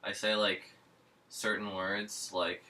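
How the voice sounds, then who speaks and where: A man chats casually with a slight slur and a relaxed drawl. His lowish voice has a bright edge. He sounds a little distant from the microphone. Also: slow. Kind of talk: casual chat.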